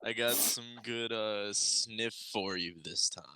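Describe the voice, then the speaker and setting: A man voicing a shady male drug dealer on a phone call in a tabletop game, with a hushed, conspiratorial delivery. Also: fairly low pitch, steady tone, slow, slight background noise, exaggerated voice. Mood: sly.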